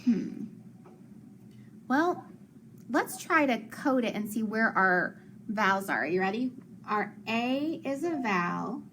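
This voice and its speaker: A woman's voice: mid-range voice, a bit bright, a little hiss or hum. A woman teacher leading a phonics lesson for young children, patient and encouraging, asking questions and praising answers.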